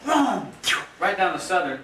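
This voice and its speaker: Expressive and slightly fast, this man's voice sits on the high side and comes across pushed and bright as he laughs through a long roast story riddled with fillers and restarts. A home video camera captured it at a birthday party among guests, from a distance, in an echoey room with crowd noise.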